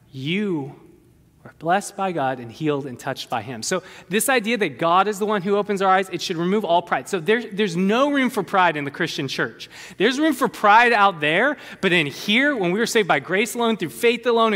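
A man preaching a sermon in a church, animated and conversational with playful asides. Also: sits high. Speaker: pastor. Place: church sanctuary. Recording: long hall reverb.

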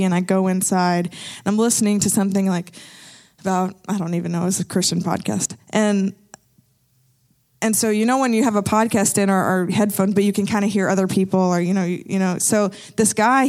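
A woman sharing a casual faith testimony in an animated, rambling storytelling manner, laughing often as she goes. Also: medium pitch, fairly quick.

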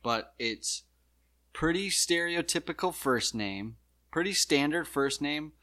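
A man's voice: on the high side, expressive, slow pace, pushed and bright. A man chatting casually on a comedy podcast, laughing often and telling stories animatedly. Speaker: podcast co-host.

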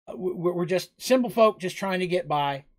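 Nervous small-town innkeeper, done by a man, high and stammering. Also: expressive, moderate pace. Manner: stammering, anxious, pleading. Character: nervous male village innkeeper.

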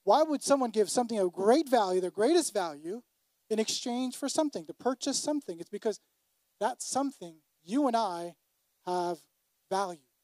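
A man's voice: high voice, expressive, normal speed, a little mellow, no echo. A man preaching a sermon to a congregation, emphatic, repeating his key phrases. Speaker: pastor.

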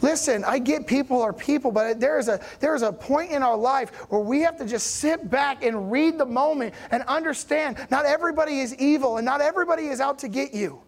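A male pastor giving a relaxed, conversational sermon in a church. He talks like he's chatting with friends, checking in with the congregation and pushing his voice up with emphasis on the big points. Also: very high-pitched, brisk, hardly any pauses. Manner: animated, rising emphasis on key points.

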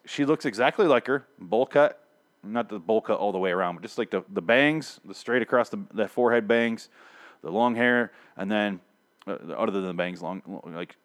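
A man with a somewhat low voice rambles through a casual episode recap. He swears freely, restarts his sentences and gets worked up as he talks. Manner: profane, rambling, animated. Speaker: TV show recapper.

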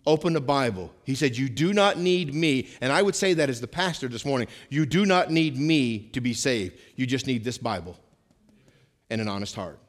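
A pastor in his forties preaching a sermon in church, swinging between loud, emphatic lines and hushed, slower ones. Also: mid-range voice, animated.

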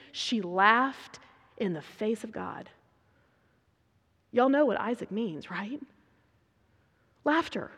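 A woman preaching a sermon, dramatic and swinging between hushed whispers and loud emphasis. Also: fairly high pitch. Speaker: speaker preaching to a women's gathering. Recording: long reverb of a large hall.

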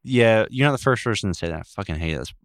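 A man with a low, smooth, resonant voice co-hosts a podcast in casual chat. His delivery is wry and deadpan, with sudden jumps into silly voices. The sound is close and dry. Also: quick pace, no room sound. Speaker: podcast co-host.

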